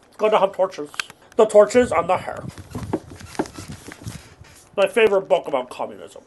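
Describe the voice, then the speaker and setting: A young man giving rambling, absurd deadpan commentary while playing a video game. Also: high voice, normal speed, background noise. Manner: rambling deadpan non-sequitur jokes. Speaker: gaming streamer. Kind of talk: absurd comedic gameplay commentary.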